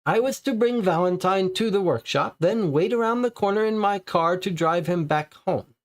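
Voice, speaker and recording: A man plays a jittery male suspect spilling his confession to the police, his voice pitched up and pleading. It is a read-aloud case file role-play, earnest and insistent. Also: expressive, moderate pace.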